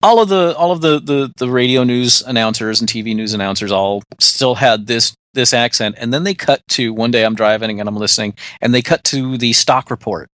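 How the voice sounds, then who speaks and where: A man's voice: medium pitch, brisk, hardly any pauses, a bit bright, no room sound. An American man co-hosting a podcast, talking at length in casual chat and laughing often. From United States. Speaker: podcast co-host.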